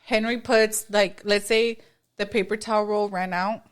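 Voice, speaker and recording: A woman who is a mother, co-hosting a casual podcast chat in an expressive, chatty way and slipping in a few Spanish words. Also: mid-range voice, normal speed, smooth. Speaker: podcast co-host.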